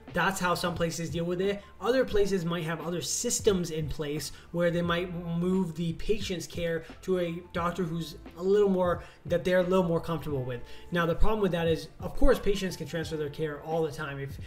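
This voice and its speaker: Young male doctor, vlog host, earnest explainer, slightly high voice. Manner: earnest, explanatory, rising emphasis. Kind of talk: casual talking-to-camera vlog.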